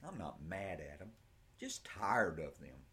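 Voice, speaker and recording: A man voicing a brisk, protective young woman schoolteacher in an audiobook, with a firm, scolding older-sister tone. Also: low-pitched, very animated, sharp tone, exaggerated voice. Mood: weary.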